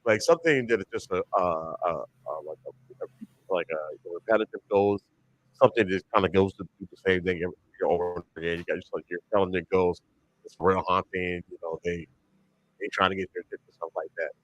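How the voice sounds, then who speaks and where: A man co-hosting a podcast in casual chat, rambling and animated, with many restarts and slang. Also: low-pitched, fast talker, dry recording, dull audio. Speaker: podcast co-host.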